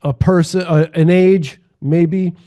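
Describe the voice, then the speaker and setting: A man co-hosting a podcast, speaking in a measured, reflective way in casual conversation and often murmuring agreement. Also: high voice, steady tone, warm tone. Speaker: podcast co-host.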